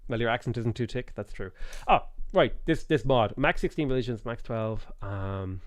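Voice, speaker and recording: A man's voice: mid-range voice, moderate pace, no echo. Chatty Dublin man on a dry mic. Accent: Dublin Irish. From Ireland. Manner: chatty and rambling, reads chat aloud and muses over game options. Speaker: streamer. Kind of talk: casual live-stream chat while gaming.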